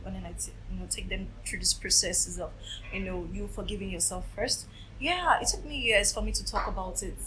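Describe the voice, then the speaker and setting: A woman's voice: medium pitch, brisk, a little hiss or hum, rough recording. A woman in her late twenties, recounting her own story as a TV interview guest and acting out what others said. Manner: animated storytelling, acting out quoted voices. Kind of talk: emotional personal testimony.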